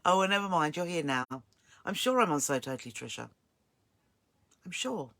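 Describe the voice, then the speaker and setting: A woman's voice: fairly low pitch, big pitch swings, normal speed, fairly bright tone, no room sound. An older woman hosts a live sewing stream, chatting casually and greeting viewers by name. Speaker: sewing channel host.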